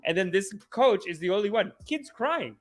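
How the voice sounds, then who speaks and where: A man's voice: high-pitched, lively intonation, moderate pace. A man hosting a comedy livestream podcast, rambling in slangy casual chat and laughing often. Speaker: podcast host.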